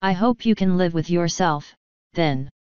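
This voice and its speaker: A woman voicing a grave, earnest royal mare who speaks in a measured, solemn way, in a storybook reading. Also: fairly low pitch, darkish tone, clean tone, no room sound, lightly acted. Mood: pleading. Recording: dull lo-fi recording.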